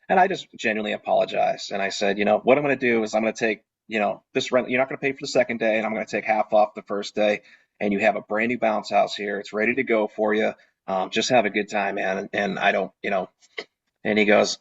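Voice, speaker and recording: A man's voice: fairly low pitch, a little fast, gravelly, no room sound. Man, casual storyteller, dry close sound, slightly muffled call audio. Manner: animated, acts out his own quoted lines. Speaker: party rental business owner.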